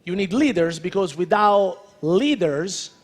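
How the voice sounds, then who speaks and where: Animated Italian-accented man in a hall. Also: high voice, a little slow. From Italy. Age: 30s. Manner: joking, animated, addresses crowd directly. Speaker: celebrity chef speaker. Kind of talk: motivational talk to an audience. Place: large convention hall. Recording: reverberant hall.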